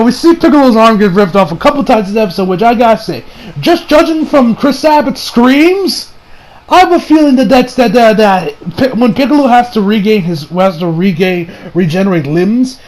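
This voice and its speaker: Excitable high-voiced man rambling casually. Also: rough recording. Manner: rambling, excitable, with slang and swearing. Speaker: anime reviewer. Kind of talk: casual episode review.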